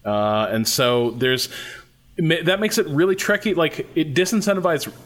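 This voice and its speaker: A man's voice: on the high side, expressive, moderate pace, fairly bright tone. Eager, stumbling man as podcast guest. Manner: enthusiastic, stumbles and restarts, says "like" often. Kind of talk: casual chat.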